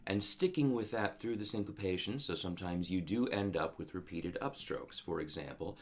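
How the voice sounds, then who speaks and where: A man giving a guitar lesson in a calm, methodical way, counting beats and scatting rhythms aloud as he explains the parts. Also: deep voice, normal speed. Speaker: guitar teacher. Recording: music playing loud under the voice.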